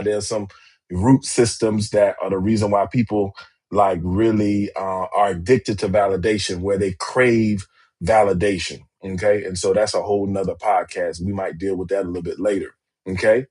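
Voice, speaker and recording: A man hosts a live-streamed talk on relationships in a husky voice. He speaks emphatically, circles back on his words and keeps calling out to viewers. His pitch sits in the middle range. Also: darkish tone. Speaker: relationship podcast host.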